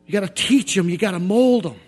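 A high-voiced man preaches at a fairly quick pace with a breathy edge, using an emphatic, repetitive cadence. He sinks into quiet confession and then climbs to shouted outbursts.

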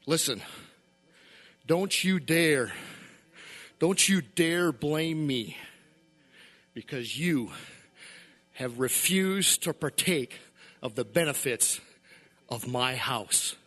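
A man's voice: a little high, lively intonation, extremely slow, pauses often, breathy edge, faint music behind, exaggerated voice. A man voicing a stern but loving old father who scolds and pleads with his son. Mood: grave. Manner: scolding, pleading, building to shouted preaching.

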